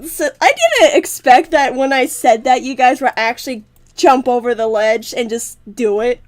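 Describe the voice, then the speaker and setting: A young woman with a high voice talks casually on a livestream. She giggles often and swears freely as she chats. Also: steady tone, moderate pace. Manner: giggly, swears a lot, bursts into loud laughter. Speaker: livestream co-host. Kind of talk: casual chat.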